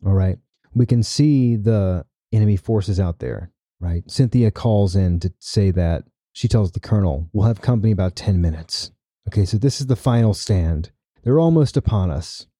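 Podcast host, man, casual recapper, deep dark tone, dry mic. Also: expressive, moderate pace, no room sound. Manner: chatty, tags lines with "right?".

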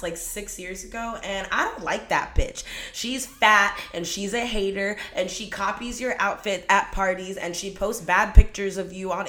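A young woman in her twenties hosting a podcast, telling stories in a casual, profane, animated way that swings between loud and quiet. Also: medium pitch, reverberant. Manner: profane, animated storytelling with dramatic swings in volume. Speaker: podcast host. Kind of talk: casual storytelling monologue.

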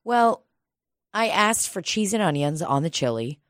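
A woman's voice: on the low side, big pitch swings, unhurried, fairly bright tone, dry recording, clean studio sound. A woman, co-hosting a casual chat and telling a story with lots of swearing and laughter. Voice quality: profane, laughs often.

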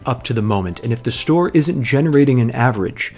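A young man narrates his own personal essay at an even, mid-range pitch. He sounds reflective and earnest, stumbling over a word now and then. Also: quick pace, husky. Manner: reflective, earnest, with small restarts.

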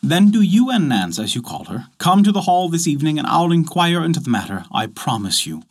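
A man voicing a young country squire in a folk tale, measured and authoritative. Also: fairly high pitch, sing-song. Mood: assured.

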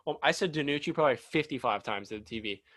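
A young man co-hosting a sports podcast, rambling and animated, with lots of "like". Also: mid-range voice, fast talker, no echo. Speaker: podcast co-host. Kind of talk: casual sports chat.

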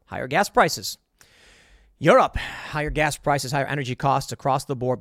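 A man's voice: high-pitched, a bit bright, dry recording, studio quality. A man giving a sarcastic, exasperated political commentary monologue.

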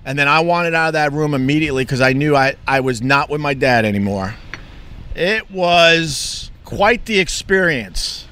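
Middle-aged man from Long Island, rambling candid monologue, slightly high bright voice, casual and unscripted. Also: expressive, normal speed, clear, resonant tone. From Long Island, New York. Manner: rambling, candid, swears freely. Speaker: vlogger.

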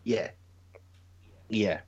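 A man's voice: extremely slow, a little mellow. Male co-host, blunt and profane, stammers into rants; muffled lo-fi audio. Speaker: podcast co-host. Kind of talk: casual wrestling chat.

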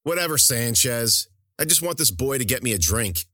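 A man's voice: medium pitch, expressive, normal speed, sharp tone, no echo, clean studio sound, voice pushed up. A man voicing a rude, drunken, bigoted male bar patron who sneers and mocks. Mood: sneering. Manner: sneering, mocking.

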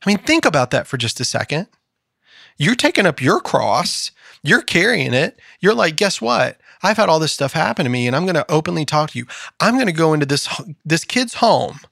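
Animated male podcast co-host, slightly high. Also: a little fast, vocal fry, dry recording, studio quality. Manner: animated storyteller, acts out quoted voices. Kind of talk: casual podcast conversation. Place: studio.

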